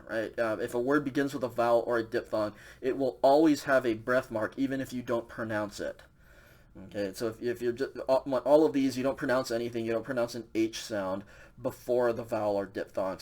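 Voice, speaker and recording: A man's voice: medium pitch, darkish tone. A man teaching a recorded language lecture over slides, explaining casually with many fillers and a frequent "okay" check.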